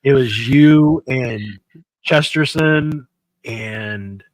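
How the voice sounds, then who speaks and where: A man co-hosting a paranormal talk stream, talking haltingly with lots of fillers and repeated words. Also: mid-range voice, no echo, rough recording. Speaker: paranormal investigation podcast co-host. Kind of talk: casual chat.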